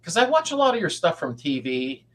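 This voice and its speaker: A man's voice: a little high, big pitch swings, fairly quick, fairly bright tone. An older man hosting a casual livestream, rambling in a folksy way as he answers viewers and greets them by name. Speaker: livestream host. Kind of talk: casual live-stream chat.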